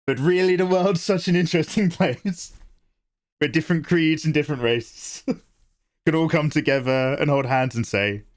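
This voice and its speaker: A man's voice: fairly high pitch, normal speed, pitched above the performer's own voice, natural voice. A man mocking a smug influencer's fake apology. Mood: mock-sincere. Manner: mock-sincere, sugary.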